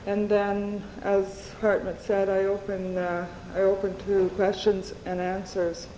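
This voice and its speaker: A woman author reading aloud from her novel to an audience, in an unhurried, measured way, recorded at an event. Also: mid-range voice, monotone, warm tone, slight background noise. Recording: dull audio in a reverberant hall.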